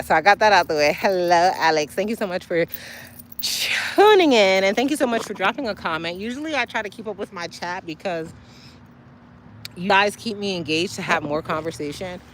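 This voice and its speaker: A woman hosting a casual livestream outdoors by a street, chatting straight to her viewers and breaking into sudden high exclamations. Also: slight background noise. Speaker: livestream host. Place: outdoors by a street, waiting for a ride.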